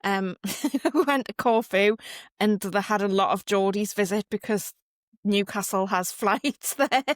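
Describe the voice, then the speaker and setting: A woman hosting a casual interview, friendly and quick to laugh. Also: mid-range voice, dry recording, clean studio sound. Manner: giggly, friendly. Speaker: host.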